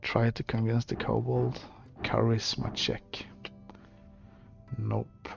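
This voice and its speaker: A man casually commenting on a game as he streams it, with hesitant "uh"s and asides. His voice is gravelly and his pace is unhurried. The recording is slightly dull and lo-fi, with faint game music behind him. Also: medium pitch, darkish tone.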